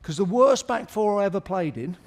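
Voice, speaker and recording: Being interviewed live on a theatre stage, a middle-aged man tells humorous stories and chuckles along. He speaks briskly in a high-pitched, animated voice.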